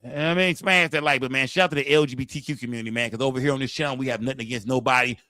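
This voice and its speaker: Brief: male stream host, AAVE, rowdy and profane, bright forceful tone, dry close mic. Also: medium pitch, fairly even intonation, rapid-fire, dry recording. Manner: loud, rowdy, addresses chat directly. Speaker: livestream host. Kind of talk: profane live-stream commentary.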